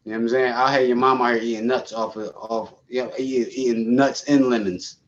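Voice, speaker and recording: A man co-hosting a podcast, telling a story in casual, profane, animated chat and laughing often. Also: medium pitch, brisk, lo-fi sound. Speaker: podcast co-host.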